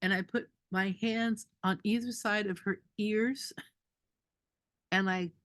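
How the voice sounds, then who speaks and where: A woman doula telling a story at a group meeting, animated and indignant, laughing between lines. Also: mid-range voice, takes it slowly.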